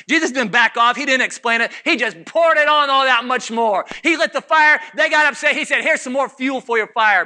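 A man preaching a sermon as pastor, swinging from low mutters to loud shouts. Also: fairly quick, few pauses.

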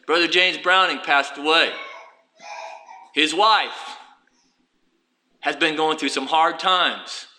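A man preaching a fervent sermon, dropping low and then rising to shouts. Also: slow pace, long pauses. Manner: fervent, swings from quiet to shouting.

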